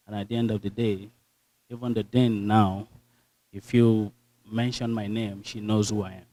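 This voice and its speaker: A young man with a Nigerian accent giving an earnest, animated motivational speech to an audience, telling stories and acting out the dialogue. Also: lowish voice, moderate pace, rough recording. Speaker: speaker.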